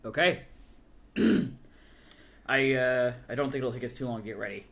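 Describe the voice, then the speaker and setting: A woman's voice: rumbling low, normal speed, creaky, fairly bright tone. A woman player in a tabletop game, joking wryly in casual banter. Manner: joking, wry.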